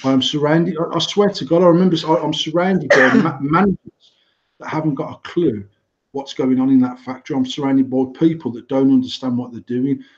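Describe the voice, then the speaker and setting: A man's voice: mid-range voice, steady tone, a little fast, dull audio. A man in his forties from England, a company director co-hosting a podcast, talking bluntly with lots of swearing and restarts. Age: 40s. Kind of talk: casual chat.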